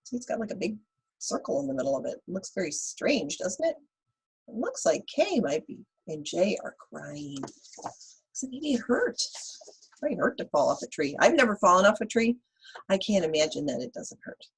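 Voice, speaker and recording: A woman teacher reading a picture book aloud to young children, animated and asking them questions. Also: mid-range voice, moderate pace, slightly rough, rough recording. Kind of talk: children's read-aloud lesson.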